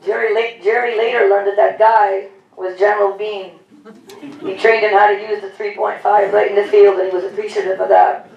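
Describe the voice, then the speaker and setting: At a public event, a woman announcer reads veterans' service stories as tributes in an echoey hall. Her mid-range, gravelly voice stays fairly flat in pitch and moves a little fast. The distant mic picks up dull audio, faint noise and some background chatter.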